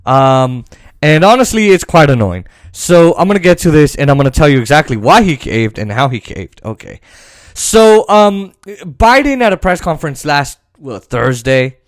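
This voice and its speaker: A man's voice: fairly high pitch, big pitch swings, moderate pace. A man hosting a political commentary podcast, ranting and swearing as he mocks the people he talks about. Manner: ranting, profane, mocking. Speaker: podcast host.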